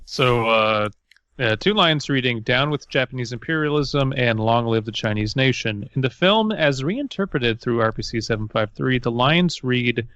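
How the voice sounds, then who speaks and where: Deadpan man on a dull podcast mic. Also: mid-range voice, moderate pace, no echo. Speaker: podcast co-host. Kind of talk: casual podcast chat and reading. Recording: slightly dull mic sound.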